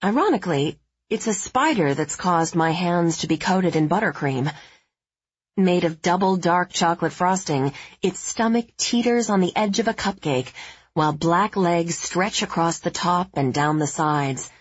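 A woman narrating a novel in the first person with steady, measured storytelling. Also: lowish voice, slightly rough, no echo, dull audio. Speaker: audiobook narrator.

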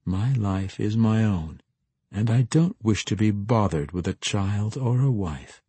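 A man voicing a sly, charming male rogue in a fantasy audiobook, smooth and teasing. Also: fairly low pitch, unhurried, warm tone, no echo.

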